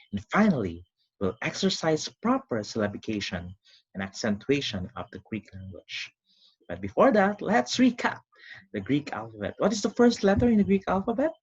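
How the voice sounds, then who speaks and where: A man teaching a recorded online lesson, speaking slowly and deliberately and asking listeners to repeat words after him. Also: medium pitch, breathy edge, muffled recording. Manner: slow, deliberate teaching with call-and-repeat drills.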